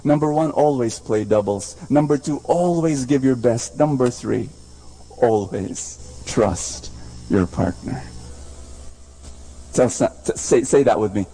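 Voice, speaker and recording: Impassioned male preacher, dramatic swings. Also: rough recording. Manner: dramatic swings between loud high calls and low quiet lines; repeats phrases, has the crowd say lines back. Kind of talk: sermon. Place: church.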